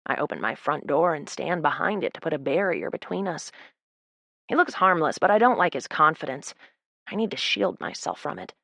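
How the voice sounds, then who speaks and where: Low, gravelly woman narrating with dry wit. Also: expressive, normal speed, fairly bright tone, no room sound. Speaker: audiobook narrator. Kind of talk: first-person novel narration.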